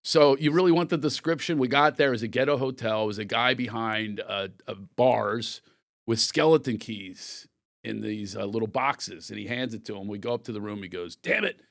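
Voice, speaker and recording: A man's voice: lowish voice, normal speed, gravelly, no room sound, clean studio sound. A middle-aged man from the Philadelphia area, a comedian guest telling stories and acting out voices from his life. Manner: animated, acts out voices in anecdotes. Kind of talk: storytelling interview.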